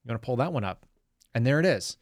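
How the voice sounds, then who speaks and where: Male podcast host, off-the-cuff political talk, close dry mic, mid pitch. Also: animated, quick pace, no room sound. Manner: casual, rambling, directs his producer.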